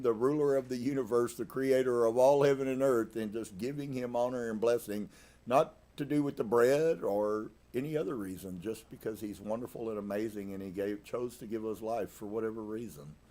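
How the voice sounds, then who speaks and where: A man preaching in a relaxed, conversational way on a live stream. He repeats and restarts his words, then presses harder on a point with a burst of emphasis. His pitch sits in the ordinary middle range for a man. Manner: conversational, with frequent restarts and emphatic swings in loudness. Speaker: congregation leader. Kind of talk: casual live-streamed sermon.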